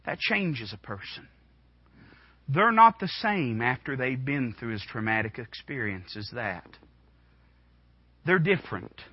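Impassioned young preacher, dull recording. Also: male voice, mid-range voice, sing-song, a little slow, pauses often, slightly rough, dry recording. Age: 20s. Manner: impassioned, swings from hushed to shouting. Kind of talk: sermon. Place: church room.

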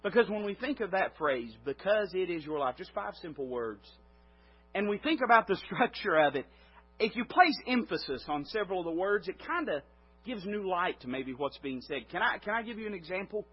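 A male preacher giving a sermon in an emphatic way, his voice swelling and then dropping low. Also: lively intonation, fairly quick, slightly rough. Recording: dull lo-fi recording.

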